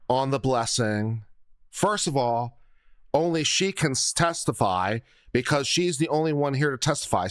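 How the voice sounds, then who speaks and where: A man's voice: a little high, a bit bright. A man commenting on a legal deposition video in a blunt, exasperated, lecturing way.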